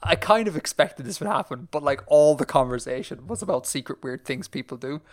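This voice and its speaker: A man's voice: fairly high pitch, expressive, brisk. A man with an Irish accent hosting a podcast, rambling through casual chat with lots of fillers and restarts. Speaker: podcast host.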